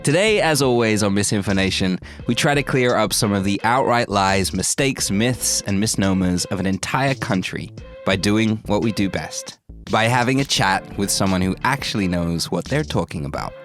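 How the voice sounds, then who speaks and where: A male podcast host with a lowish voice that swings up and down a lot as he teases his guest. Soft guitar music plays faintly behind him. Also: expressive, normal speed. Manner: teasing, jokey. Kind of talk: conversational podcast chat and scripted intro.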